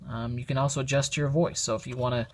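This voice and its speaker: A man walks through a device setup in a plain, matter-of-fact way, thinking aloud as he goes. His pitch sits in the middle range. A loud hiss of noise runs under the whole recording. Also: steady tone, quick pace. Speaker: product demonstrator. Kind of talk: casual how-to demonstration. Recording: very noisy home recording.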